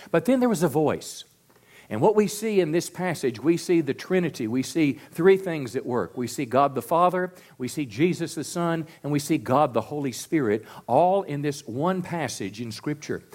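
A man preaching a sermon as pastor, earnest and stressing key words slowly. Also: on the high side, darkish tone.

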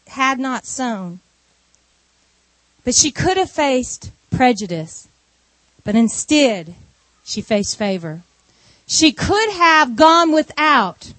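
High-voiced woman retelling a story. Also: dry recording. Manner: animated, conversational retelling. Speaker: preacher. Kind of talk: storytelling sermon.

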